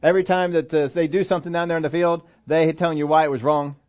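Animated man preaching a sermon. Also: a little high, fast talker. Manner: animated, acts out quotes, asks the congregation questions. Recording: dull lo-fi sermon recording.

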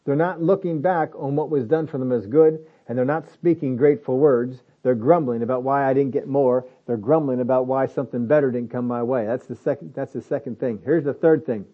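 A man preaching a conversational sermon, slowing down to repeat his key phrases for emphasis. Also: medium pitch. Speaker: pastor. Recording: phone-like narrow band.

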